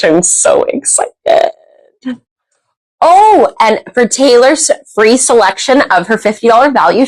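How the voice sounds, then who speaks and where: A woman's voice: medium pitch, dry recording, rough recording. Bubbly woman hosting a live shopping stream. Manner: bubbly, excitable, chatty. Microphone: clip-on microphone.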